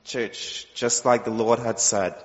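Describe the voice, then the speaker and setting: A man telling his personal testimony to a church, acting out the voices in his story and dropping soft and low when quoting God. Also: steady tone, takes it slowly. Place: church sanctuary. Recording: dull sound with long hall reverb.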